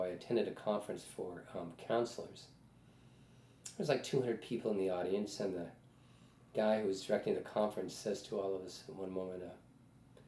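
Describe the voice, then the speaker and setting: A man in his sixties lectures with a low, mellow voice, trading stories for questions he tosses out to the class. The room is echoey and faint noise hums underneath. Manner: conversational, storytelling, asks class questions. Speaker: psychology lecturer.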